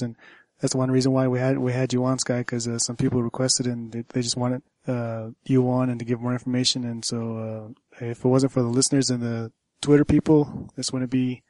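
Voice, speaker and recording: A man's voice: mid-range voice, darkish tone, no echo. A man hosting a podcast, wrapping up the episode in a laid-back, repetitive way. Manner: laid-back, repeats "cool, cool". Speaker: podcast host. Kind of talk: casual podcast wrap-up.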